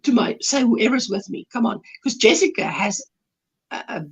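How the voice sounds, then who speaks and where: A woman's voice: on the high side, lively intonation, normal speed, husky. A woman with a South African accent, chatting casually as a guest in an interview and laughing as she explains things. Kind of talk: casual video-call interview. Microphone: video call.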